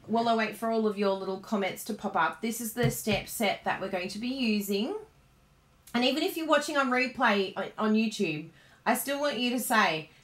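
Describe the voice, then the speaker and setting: A woman's voice: on the high side, a bit bright. A woman with an Australian accent chatting casually on a card-making live stream. She gushes and laughs often. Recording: roomy, echoey room sound.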